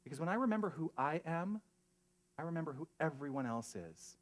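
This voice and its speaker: A man preaching a sermon as spiritual leader, earnest and emotional, moving between hushed reflection and lively asides. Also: a little high, brisk. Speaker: pastor.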